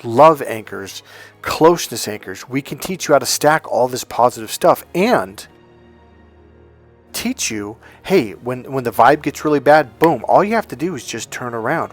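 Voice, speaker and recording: A man speaking as a dating coach in a persuasive, emphatic monologue to his viewers. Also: medium pitch. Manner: emphatic, persuasive, acts out quoted voices.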